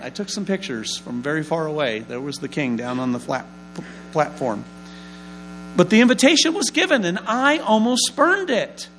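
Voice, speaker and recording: A man's voice: fairly high pitch, fairly bright tone, rough recording. A male pastor telling stories in a sermon, with emphatic rising bursts of energy, then leading a prayer. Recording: faint mains hum.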